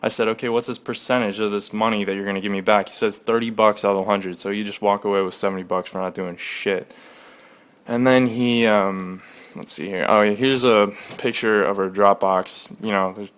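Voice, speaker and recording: A man's voice: fairly low pitch, steady tone, brisk, a bit bright, clean tone. A young man telling an aggrieved, profanity-laced story about a dispute over a paid video edit. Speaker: gaming clan leader. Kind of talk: casual screen-recorded rant.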